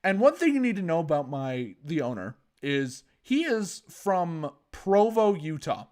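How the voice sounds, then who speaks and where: A man's voice: fairly high pitch, very animated, a little slow, darkish tone. A young man hosting a podcast, telling a story in casual chat with sarcasm and frequent laughter. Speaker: podcast host.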